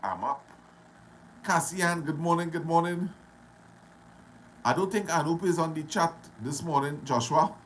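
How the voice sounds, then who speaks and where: A man's voice: a little high, unhurried, pauses often, slight background noise, poor audio. Trinidadian man greeting viewers live. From Trinidad and Tobago. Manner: greets viewers by name, loud and friendly. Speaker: livestream host. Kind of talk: casual live-stream chat greeting viewers.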